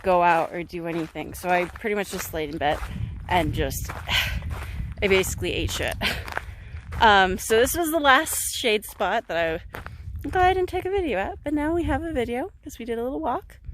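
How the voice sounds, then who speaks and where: A woman's voice: fairly high pitch, a little hiss or hum. A young woman talking casually and swearing freely as she films herself on an outdoor hiking trail, recorded on a handheld camera. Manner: chatty, swears freely, hushed whispering while filming wildlife. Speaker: vlogger.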